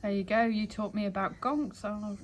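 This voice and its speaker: A woman in the client's chair at home keeps up a loose, rambling chat. She explains things in long, meandering stretches, full of fillers and little laughs. Her voice sits at a middling pitch, with faint room noise around her. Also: steady tone, normal speed, rough recording. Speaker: client, the host's sister. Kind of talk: casual chat.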